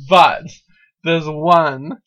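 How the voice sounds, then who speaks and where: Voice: mid-range voice, a bit bright. A podcast co-host in casual chat, crude and sweary, often laughing. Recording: dull lo-fi recording.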